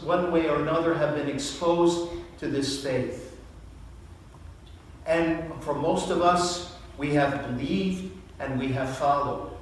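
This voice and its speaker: A priest delivers a sermon in an unhurried, deliberate way, pausing on rhetorical questions. He is recorded from across the sanctuary, with heavy echo and a faint hum of room ambience behind him. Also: a little high. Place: church sanctuary. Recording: very echoey church from far off.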